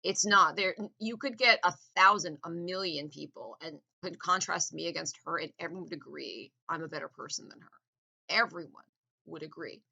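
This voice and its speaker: A woman talks straight into the camera in a long, rambling rant. Her tone is bright and sharp, and her voice sits low. She sounds contemptuous, circles back to the same points and leaves sentences unfinished. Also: moderate pace, gravelly. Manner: contemptuous, rambling, repeats herself. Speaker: vlogger. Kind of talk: ranting monologue.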